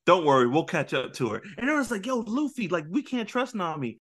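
A man co-hosting a casual pop-culture podcast, retelling anime scenes with lively storytelling and acted-out character lines. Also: sits high, fairly quick, slightly rough. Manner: animated storytelling, acting out characters with big voice jumps. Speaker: podcast co-host.

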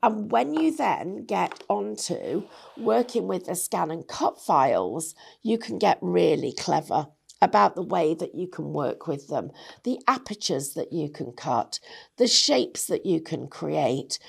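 A woman's voice: mid-range voice, creaky, slightly rough. A woman giving a chatty, jokey craft demonstration, often correcting herself as she goes. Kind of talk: casual product demonstration.

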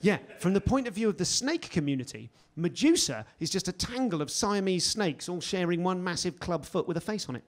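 A British man in his forties performing a stand-up comedy set, telling stories with sudden loud outbursts. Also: sits high, sing-song, fairly quick, hardly any pauses. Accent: British English. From England. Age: 40s. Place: comedy stage before a live audience.

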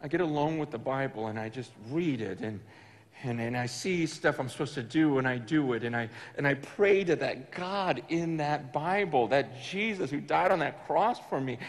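A man preaching to a room, telling a personal story with animated, emphatic bursts of excitement. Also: fairly high pitch, moderate pace, in a large hall. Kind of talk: storytelling sermon. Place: large room with an audience.

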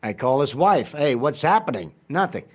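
A man's voice: mid-range voice, big pitch swings, moderate pace. Profane rambling male podcast guest. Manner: profane, rambling, many restarts. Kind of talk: casual podcast storytelling.

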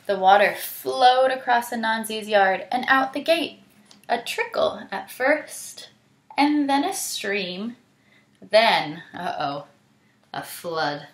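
A woman teacher reading a picture book aloud to children, animated and stopping to ask them questions. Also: a little high, slow pace. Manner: animated, asks the listener questions. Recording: roomy echo.

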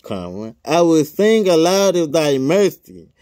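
Man, slightly high voice, reading scripture aloud at a slow pace, speaking the punctuation; casual asides. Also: sing-song, mellow, no echo, clean studio sound. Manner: reads each punctuation mark aloud, adds casual asides. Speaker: scripture reader.

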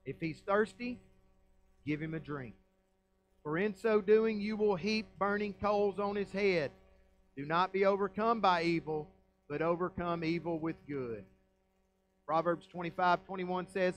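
High-voiced Southern pastor preaching. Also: male voice, steady tone, normal speed, rough recording. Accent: Southern American. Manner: folksy, emphatic preaching with rhetorical questions. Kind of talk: sermon. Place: church sanctuary.

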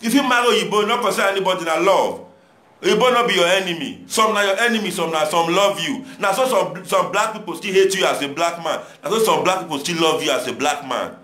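Nigerian pidgin guy preaching at the camera, highish voice, echoey room. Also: fairly quick, sharp tone. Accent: Nigerian Pidgin English. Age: young adult. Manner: preachy, exhorting, repetitive rhetoric. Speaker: commentator addressing viewers. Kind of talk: impassioned monologue.

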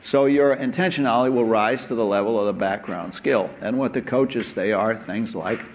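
A man giving a university lecture in a hall, unhurried and full of "uh" hesitations and asides. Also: on the low side. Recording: dull lo-fi lecture recording with faint noise.

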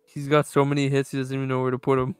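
A man's voice: mid-range voice, completely flat delivery, rapid-fire, smooth, no echo, faint music behind. A young man chatting with friends and ribbing one of them in blunt banter. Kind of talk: casual chat.

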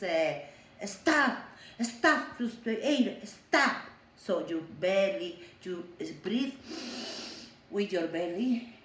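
Woman teacher, slow sing-song, echoey room. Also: mid-range voice. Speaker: preschool teacher. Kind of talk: online class lesson for young children. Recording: echoey room with faint hum.

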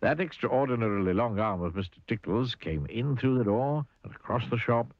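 A man reading a children's storybook aloud in an animated way, asking the listener questions. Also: mid-range voice, normal speed, no room sound, highs cut off. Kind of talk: storybook read-aloud narration.

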